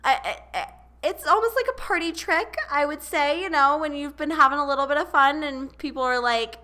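A woman's voice: high voice, fairly quick, sharp tone. A young adult woman co-hosting a podcast, telling stories in casual chat with quoted asides. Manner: chatty, storytelling with quoted asides. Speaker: podcast co-host.

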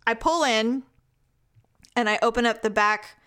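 A woman's voice: a little high, unhurried, a bit bright. A woman co-hosting a casual chat, telling everyday anecdotes with laughs and the odd swear. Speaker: podcast co-host.

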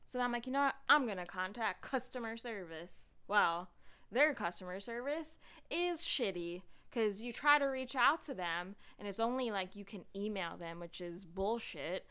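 A young woman hosting a podcast, chatting casually with lots of fillers and quick laughs. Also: medium pitch, animated, pushed and bright, smooth. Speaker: podcast host. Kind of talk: casual chat.

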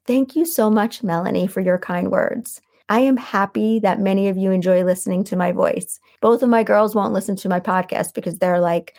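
A middle-aged woman hosting her own podcast, coaching listeners in a calm, soothing voice and reading quotes out slowly. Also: medium pitch. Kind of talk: solo podcast teaching.

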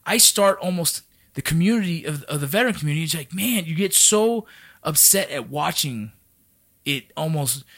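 A man with a high voice talks in a loose podcast chat, swearing constantly and hammering his points home. His pitch swings widely as he gets worked up about veterans and training. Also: lively intonation, moderate pace, a bit bright. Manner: profane, emphatic, fired-up. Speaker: military veteran. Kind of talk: casual podcast conversation.

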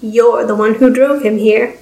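A woman reading a story, voicing a cold, imperious vampire count who speaks slowly and with quiet menace. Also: a little high, fairly even intonation, gravelly. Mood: cold disdain. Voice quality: slow, measured and menacing. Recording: roomy echo.

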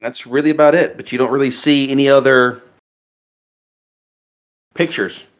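A man narrating a tabletop role-playing game as game master, in a halting way with pauses and fillers. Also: medium pitch, fairly even intonation.

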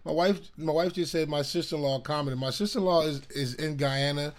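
A man's voice: a little high, brisk. A man co-hosting a podcast with his wife, chatting casually and teasing her with jokes. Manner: joking, teasing, acts out his wife's voice. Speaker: podcast co-host. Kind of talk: casual chat.

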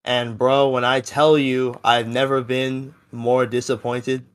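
A man's voice: mid-range voice, level tone, slow, clean tone. Rambling teenage guy telling a story. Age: teens. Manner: rambling storytelling with many fillers and laughs. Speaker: podcast co-host. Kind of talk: casual chat.

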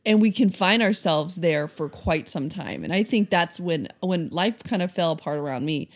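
Reflective woman podcast co-host, lowish voice. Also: lively intonation, moderate pace. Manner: reflective, affirming, playful. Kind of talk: casual chat.

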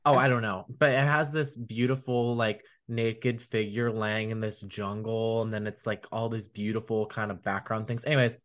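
A man's voice: fairly low pitch, little pitch movement, normal speed, few pauses, a bit bright. Rambling man in a casual chat. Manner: rambling, laughs often, many fillers. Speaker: podcast co-host.

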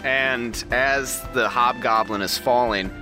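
A man's voice: medium pitch, fairly even intonation, takes it slowly, music in the background. A man narrating a tabletop game as game master, describing scenes and voicing the goblins.

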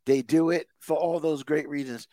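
A high-voiced man rants on a podcast, heated and profane, circling back to the same gripe again and again. The sound is close and dry, with no room around it. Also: steady tone, moderate pace, mellow, no room sound. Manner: heated, swears constantly, emphatic repetition. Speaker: podcast co-host. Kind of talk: casual profane rant.

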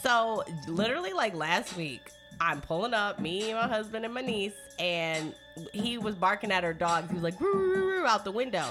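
Animated, cussing woman podcast host. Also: mid-range voice, moderate pace, few pauses, over music. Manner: animated storytelling, profane, acts out quotes loudly. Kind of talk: casual podcast chat.

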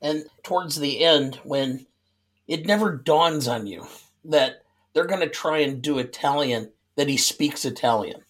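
A man's voice: on the high side, unhurried. A middle-aged man co-hosting a casual movie podcast, easygoing and opinionated, reading summaries steadily. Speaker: podcast co-host.

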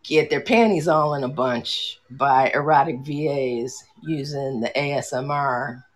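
Middle-aged woman, kinda husky, rambly podcast chat with lots of ums and restarts. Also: extremely low pitch, a little slow. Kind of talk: casual chat.

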